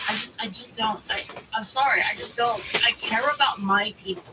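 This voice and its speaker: A woman's voice: on the high side, fairly quick. Woman ranting heatedly, distant mic. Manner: heated, profane ranting with many fillers. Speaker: streamer. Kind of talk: casual chat. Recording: distant mic with faint hiss.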